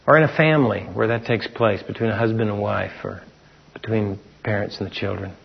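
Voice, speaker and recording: A man's voice: on the low side, brisk, creaky, husky. A middle-aged man preaching a conversational sermon, asking his listeners questions and acting out what people say. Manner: conversational preaching with rhetorical questions and acted-out quotes. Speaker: pastor. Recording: dull lo-fi sermon recording.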